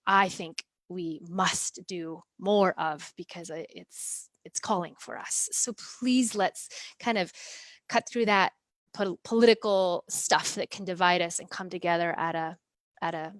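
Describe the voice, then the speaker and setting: A woman's voice: on the low side, steady tone, unhurried, dry recording. Earnest woman hosting, dry close sound. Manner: earnest, searching for words. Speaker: interview host. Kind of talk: conversational interview.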